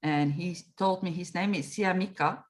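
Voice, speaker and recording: A woman's voice: fairly low pitch, normal speed. A middle-aged woman, an interview guest telling a story and acting out her own reactions. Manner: animated, acts out her own past reactions and quotes. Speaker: meditation coach, interview guest.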